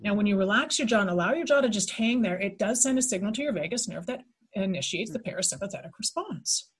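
Soft-spoken breathy woman, hypnotic. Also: medium pitch, expressive. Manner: soft, slow, hypnotic guiding voice when explaining steps. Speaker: podcast guest, teacher of mental techniques. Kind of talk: podcast conversation.

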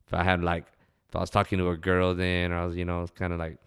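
A man's voice: low voice, completely flat delivery, fast, smooth. A young man telling laid-back, profane stories from his hometown. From West Texas. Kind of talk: casual storytelling monologue.

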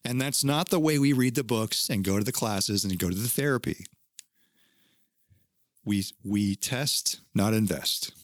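A man's voice: fairly low pitch, a little slow, no room sound, clean studio sound. A man hosting a casual podcast chat, talking in an earnest, teacherly way and swearing now and then. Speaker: podcast host.

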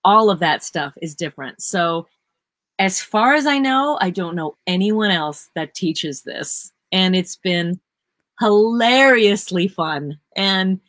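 Animated, dry-sounding woman session singer. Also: on the low side, no room sound. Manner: animated storyteller who acts out quotes, laughs often. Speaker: session singer and vocal workshop teacher. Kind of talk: casual interview chat.

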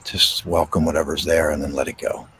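A man hosting a podcast, guiding a slow, soothing breathing meditation outdoors. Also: very deep voice, husky. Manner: slow, soothing, calm delivery with pauses. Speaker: podcast host and meditation guide. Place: outdoors in a park. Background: birds.

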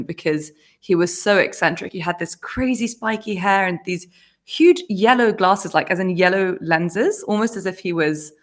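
A woman hosting a podcast, telling a personal story in casual conversation, animated and often laughing as she acts out what people said. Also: lowish voice, normal speed. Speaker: podcast host.

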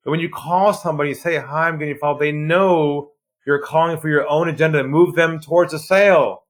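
A man being interviewed on a podcast as a sales trainer, telling stories and acting out phone calls, dropping his voice low for effect. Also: fairly quick. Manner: animated storyteller, acts out phone calls, drops voice low for effect.

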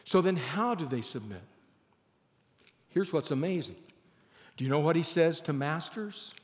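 A man preaching a sermon as a pastor, emphatic, slowing down and dropping his voice for effect. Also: a little high, expressive, in a large hall. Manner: emphatic, varies pace and loudness for effect.

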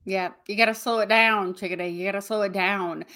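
A woman's voice: medium pitch, fairly even intonation, a little fast, sharp tone. A woman comedian with a Southern American accent, co-hosting a podcast in casual chat and often tagging her sentences with "right". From Southern United States. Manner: chatty, says "right" often.

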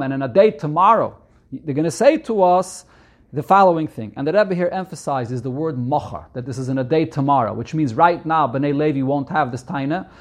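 A man with a Yeshivish accent teaching a Torah text, reading the Hebrew and then explaining it line by line in English, repeating key points. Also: a little high. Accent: Yeshivish English with Hebrew and Yiddish terms.

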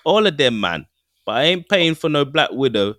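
A young man co-hosting a laid-back podcast, talking with an animated voice that swings up and down. He sounds playful and relaxed. The recording is close and dry. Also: on the high side, moderate pace, no room sound. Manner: animated, laughing, mimics voices for jokes. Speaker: podcast co-host. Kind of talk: casual chat.

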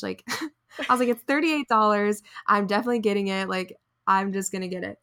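A woman's voice: mid-range voice, steady tone, quick pace, fairly bright tone. A young woman co-hosting a podcast, chatting casually with lots of "like" and frequent laughter. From near Raleigh, North Carolina. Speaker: podcast co-host. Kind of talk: casual chat.

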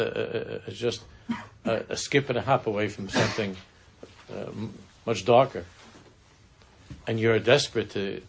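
Male rabbi giving a casual Torah class, low gravelly voice, earnest, halting delivery. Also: slight background noise. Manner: earnest, halting, sprinkled with Hebrew and Yiddish terms. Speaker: rabbi teaching a Chassidic text.

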